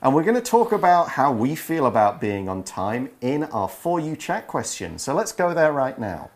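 A man co-hosting an English lesson, explaining words clearly with dry, self-deprecating humour. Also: mid-range voice, big pitch swings, moderate pace, soft background music. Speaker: co-host of an English lesson podcast. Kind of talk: explaining vocabulary for learners.

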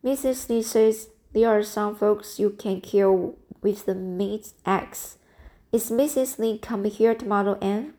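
A woman voicing a blunt, mischievous eight-year-old boy in an amateur audiobook reading, matter-of-fact and halting with restarts. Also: medium pitch, warm tone, natural voice. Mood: curious.

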